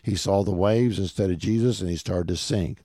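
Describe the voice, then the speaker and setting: Earnest man preaching in a low, mellow voice. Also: normal speed, no room sound, clean studio sound. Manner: earnest, direct preaching that keeps addressing listeners as "folks". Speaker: radio show host and preacher. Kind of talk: radio sermon teaching.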